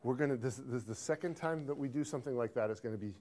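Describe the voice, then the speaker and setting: A man teaching an accounting class, lively, quizzing students and repeating key phrases, recorded in a classroom. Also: mid-range voice, rapid-fire. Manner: animated, asks the class questions and drills a phrase. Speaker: accounting instructor. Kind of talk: classroom lecture. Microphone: filmed by a videographer in class.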